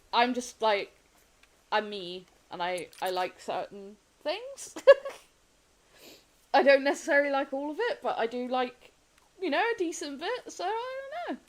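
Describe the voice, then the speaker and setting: On poor audio, a gaming streamer with a voice on the high side chats loosely with viewers while playing live. This young woman wanders from topic to topic, laughing frequently and restarting sentences.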